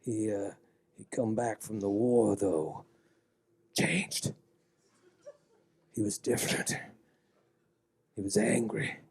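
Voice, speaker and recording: A man voicing a wary, folksy old small-town man who speaks low and confidingly in a drawl. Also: gravelly.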